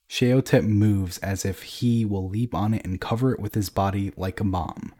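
A man reading a dramatic first-person story in a grave, measured way. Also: sits low, dark tone.

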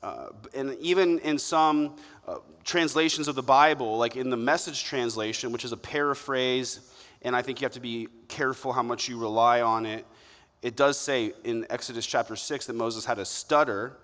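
A man's voice: mid-range voice, normal speed, fairly bright tone. A male pastor giving a conversational, joking sermon during a church service, drawing the congregation into a show of hands. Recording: live hall reverb.

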